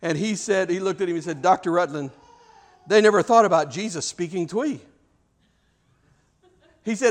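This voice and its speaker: A man preaching a sermon and telling a story, repeating words as he goes, dropping to hushed low passages and rising to loud shouted peaks. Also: normal speed, long pauses, in a large hall. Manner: repeats words and restarts often.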